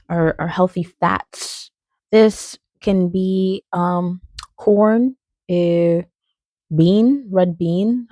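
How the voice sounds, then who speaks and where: A woman's voice: fairly low pitch, mellow, dry recording. A young woman talking casually through a film critique, chatty and playful with frequent fillers and tangents. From outside England. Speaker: video essayist. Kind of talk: casual spoken video essay.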